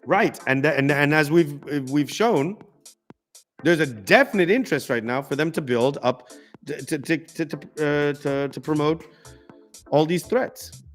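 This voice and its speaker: A man hosts a live political talk stream, ranting emphatically in casual commentary and stumbling over restarts. He speaks unhurriedly in a voice somewhat high for a man, with faint music in the background.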